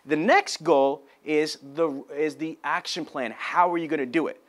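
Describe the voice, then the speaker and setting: A man giving a motivational business talk, loud and emphatic, acting out dialogue as he tells a story. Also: fairly high pitch, steady tone, moderate pace. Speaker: sales trainer.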